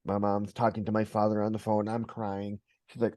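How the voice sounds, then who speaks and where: A man's voice: lowish voice, monotone, normal speed, warm tone, no echo. A man hosting a podcast interview, talking casually and retelling a personal story with quoted voices. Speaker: podcast host.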